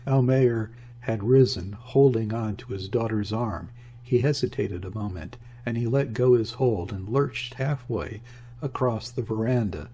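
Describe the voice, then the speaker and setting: A man narrates a classic novel for an audiobook in a measured, even manner. His voice is low and husky, with a mellow, darker tone.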